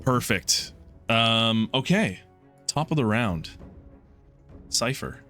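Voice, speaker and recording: Bright-voiced man running a tabletop game. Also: medium pitch, animated, soft background music. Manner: loose, halting narration with many restarts. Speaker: game master.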